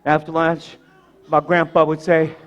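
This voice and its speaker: Pastor guy preaching, pretty high voice, goes loud then real quiet, slow dramatic pauses. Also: monotone, dull audio. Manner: swings from loud to hushed, slow emphatic pauses. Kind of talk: storytelling sermon.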